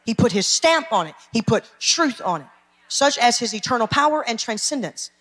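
A woman's voice: fairly high pitch, very animated, moderate pace, a bit bright. A woman pastor, preaching an emphatic sermon and calling out to her congregation. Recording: long hall reverb.

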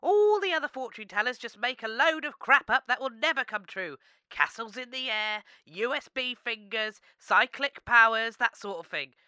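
A woman voices a brutally honest fortune teller in a comedy radio sketch. Her high, bright voice goes from matter-of-fact bluntness to theatrical mystic wailing, all close and dry. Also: lively intonation, normal speed, dry recording. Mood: blunt.

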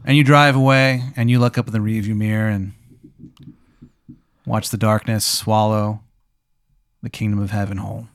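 A man with a smooth, resonant voice narrates a ridiculous hypothetical in a calm, deadpan way. He sounds close and dry, with no room around him. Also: moderate pace, long pauses, dry recording. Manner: deadpan, low-key narration with chuckles. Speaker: podcast host posing hypotheticals. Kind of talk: improvised comedic storytelling.

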